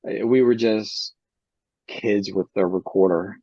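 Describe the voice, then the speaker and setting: A man's voice: on the low side, fairly even intonation, slow pace, dark tone, dry recording, lo-fi sound. A man co-hosting a podcast, casually retelling a story and conversations, with many fillers and restarts. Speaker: podcast co-host.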